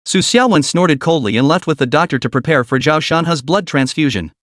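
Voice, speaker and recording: Lively male story narrator. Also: on the high side, fairly quick, dry recording, clean studio sound.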